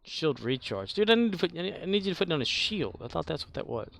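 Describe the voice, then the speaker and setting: Male game streamer, rambling self-mocking chat, gravelly voice. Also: fairly high pitch, big pitch swings, a little fast, a bit bright. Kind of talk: casual gaming commentary.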